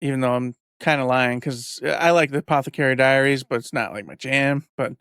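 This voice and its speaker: A man's voice: mid-range voice, a little fast, a bit bright, clear, resonant tone, no echo, clean studio sound. A man in his forties telling a rambling story in casual podcast chat, acting out what people said. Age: 40s. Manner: rambling storyteller, acts out quotes. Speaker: podcast co-host.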